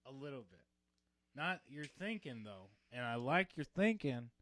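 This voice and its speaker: Animated swearing podcast co-host man. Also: unhurried. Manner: animated storyteller, swears freely, drops to low mumbles. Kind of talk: casual comedic chat.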